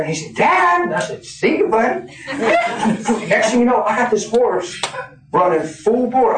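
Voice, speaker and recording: A man in his fifties preaching a sermon, folksy and animated, laughing as he tells stories. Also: extremely high pitch. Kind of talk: sermon with storytelling. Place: church hall. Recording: echoey hall from far off, crowd. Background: congregation.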